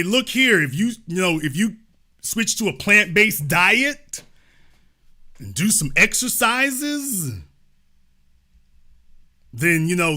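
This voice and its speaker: A man with a high, bright voice hosts a call-in show. He mocks and insults and keeps repeating his jabs. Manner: mocking, insulting and repetitive. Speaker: show host. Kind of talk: call-in show arguing with a caller.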